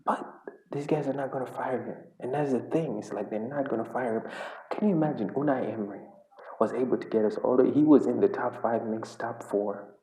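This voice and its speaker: A man's voice: medium pitch, a little fast, warm tone. A man from Uganda, a football fan vlogger, venting in an exasperated, repetitive reaction rant. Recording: echoey room.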